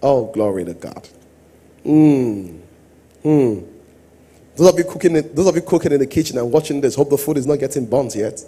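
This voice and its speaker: A male pastor preaching a sermon, swinging between quiet asides and loud, sung-out exhortation. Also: medium pitch, expressive, moderate pace, pauses often, breathy edge.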